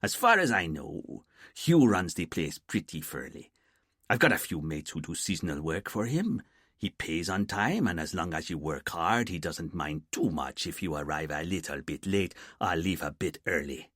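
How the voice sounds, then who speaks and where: A man doing a relaxed, wry island cop. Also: sits low, normal speed, no echo, clean studio sound, voice pushed down. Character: easygoing male island police officer.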